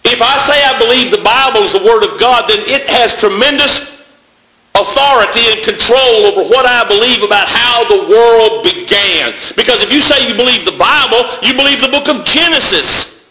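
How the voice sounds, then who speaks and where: A man's voice: very high voice, normal speed, sharp tone. A man preaching a sermon, calling his listeners brethren and building long repeated lists, in a church. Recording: echoey room.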